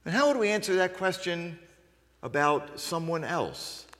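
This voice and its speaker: A male pastor delivers a sermon in a church sanctuary, his pitch rising and falling freely as he acts out different ways of asking a question. The long reverb of the hall trails after each phrase. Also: unhurried. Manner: lively, acts out questions with varied inflection.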